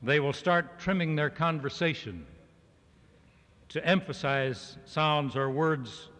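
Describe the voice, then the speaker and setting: A man's voice: a little high, takes it slowly, a bit bright. A man giving a humorous speech to a live audience at a farm organization meeting, using a mock-serious lecturing tone. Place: large hall with an audience. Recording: reverberant hall on archival cassette.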